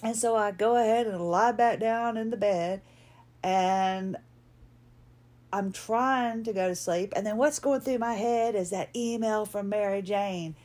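A middle-aged woman with a drawl talks her way through a personal story on her podcast. She rambles and restarts her sentences, doubling back on her words in a loose, chatty flow. Her pitch sits right in the middle. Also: unhurried, darkish tone. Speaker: podcast host. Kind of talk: casual personal monologue.

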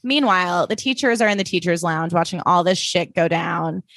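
A woman's voice: fairly low pitch, normal speed, gravelly, fairly bright tone, dry recording. A young woman co-hosting a podcast, chattily retelling TV scenes in a casual recap. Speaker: podcast co-host.

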